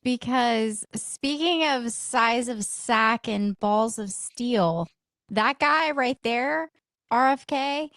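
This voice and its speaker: A woman's voice: fairly high pitch, slow pace, a bit bright, no echo. A woman co-hosting a podcast, telling a story in a casual, chatty way with lots of "like" fillers. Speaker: podcast co-host. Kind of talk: casual chat.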